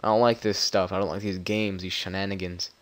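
A man's voice: sits low, level tone, brisk. A young man giving casual, rambling commentary over a space game tutorial, joking and getting flustered as he plays. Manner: rambling, jokey and easily flustered. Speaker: gameplay commentator.

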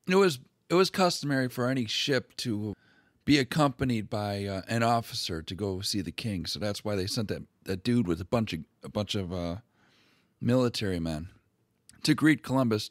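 A man's voice: lowish voice, expressive, moderate pace, no echo, clean studio sound. A man hosting a history video, retelling old documents in a casual, crude and irreverent way.

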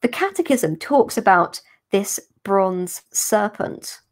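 A woman, a religious sister, explaining a gospel passage in a careful, unhurried teaching manner for a podcast. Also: mid-range voice, very animated. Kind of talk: podcast scripture commentary.

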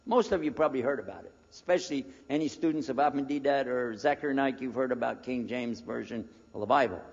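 An American man in his sixties telling a personal story as a preacher, animated and acting out the conversations he recalls. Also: medium pitch, fairly quick. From United States. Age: 60s. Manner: animated storyteller who acts out the dialogue. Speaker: preacher giving a lecture. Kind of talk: storytelling lecture. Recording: dull lo-fi recording in a reverberant hall.

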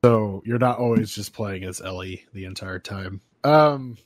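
A man co-hosts a casual gaming podcast and talks in halting bursts, stopping on fillers and starting his sentences over. His voice sits at an ordinary pitch and sounds close and dry, with no room around it. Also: no echo. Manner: halting, many fillers and restarts. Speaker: podcast co-host. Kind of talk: casual chat.

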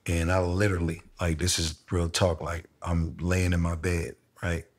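A middle-aged man in a candid conversation, telling a personal story slowly and reflectively with casual slang. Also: deep voice, little pitch movement, breathy edge. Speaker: interviewee sharing a personal story.

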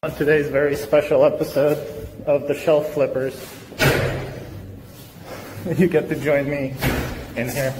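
A man hosts his vlog in a playful, rambling way, cracking jokes between remarks. His voice sits high for a man. He talks into a handheld camera in a big store. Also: little pitch movement, slow pace, long pauses, background noise. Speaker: host. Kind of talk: casual vlog chat. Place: big retail store aisle.

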